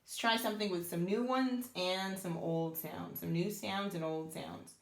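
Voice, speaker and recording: A woman's voice: lowish voice, measured pace, reverberant. A woman teaching beginners to read Hebrew letters, sounding them out step by step and praising the learners. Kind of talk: slow, patient reading lesson.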